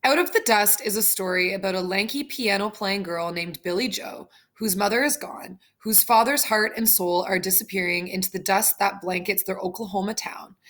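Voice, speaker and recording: Woman narrator, mid-pitched, brisk and lively storyteller reading aloud.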